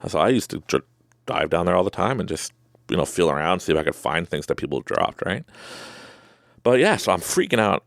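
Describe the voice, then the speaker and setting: A man's voice: sits low, big pitch swings, fairly quick, no echo. A man hosting a podcast, telling a personal story casually and with animation, acting out his own reactions and laughing often. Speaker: podcast host.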